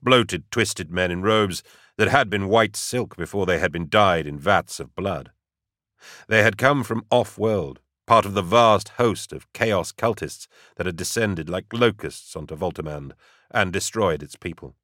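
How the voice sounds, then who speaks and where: A man narrating an audiobook in a steady, dramatic way. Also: low-pitched, measured pace, dry recording, studio quality.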